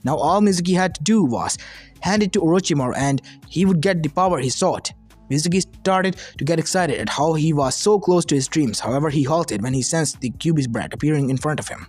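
A man's voice: a little high, brisk, husky. Man reading fan fiction over lofi. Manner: plain reading with slips. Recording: soft lofi music behind.

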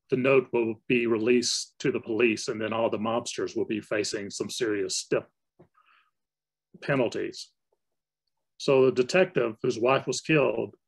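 Gravelly-voiced male novelist giving a talk. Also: mid-range voice, low-quality recording. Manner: conversational, loose, with fillers and restarts. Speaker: guest speaker, novelist. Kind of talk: workshop lecture.

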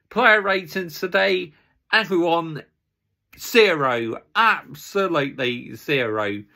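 Furious gravelly-voiced football fan ranting. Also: male voice, on the high side, sharp tone. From England. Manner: furious, swearing, repeating himself. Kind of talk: angry ranting fan vlog.

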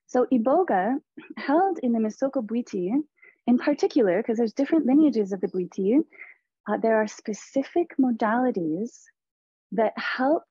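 Husky, warm-toned woman lecturing slowly. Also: a little high, lively intonation, dry recording. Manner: slow, deliberate, earnest teaching. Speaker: presenter on a teaching panel. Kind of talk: spiritual lecture to therapists. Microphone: video call. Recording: dull lo-fi video call audio.

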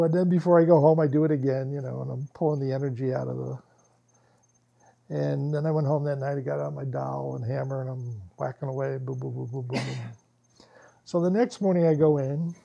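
A man presenting at a workshop, telling stories in a casual, animated way to a small group. He laughs often and acts out quoted lines. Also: fairly high pitch, a little fast, creaky, highs cut off.

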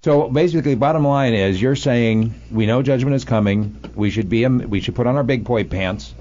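A man's voice: mid-range voice, brisk, darkish tone, highs cut off. A man hosting a talk radio show, taking callers and asking wry, probing questions. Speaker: radio host.

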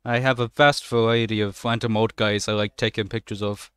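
A young man talks through a game in a smooth, resonant voice, recorded close and dry. He jokes, swears freely and jumps to excited yelps as he plays. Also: fairly low pitch, brisk, dry recording. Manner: excitable, swears often, jokey running commentary. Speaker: gaming channel host. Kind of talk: let's play commentary.

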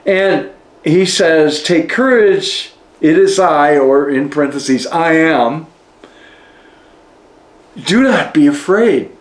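Slow, thoughtful man in an echoey room. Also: a little high, animated. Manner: reflective, pausing to explain passages. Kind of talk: reading aloud with spiritual commentary.

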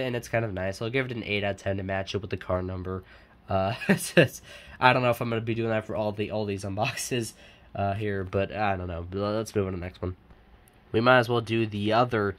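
A man's voice: lowish voice, a bit bright. A man chatting casually as he unboxes die-cast cars, rambling with lots of fillers and self-corrections. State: sniffly. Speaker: die-cast collector and YouTuber.

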